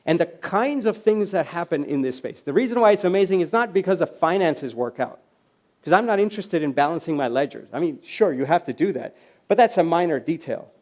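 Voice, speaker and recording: A man with a fairly high voice gives a keynote talk at a university event. He tells stories with lively energy and often laughs. He slips into the voices of the people in his stories. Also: brisk. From USA. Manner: animated, acts out quoted voices, laughs often. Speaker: keynote speaker. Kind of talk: storytelling keynote speech. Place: university event hall with audience.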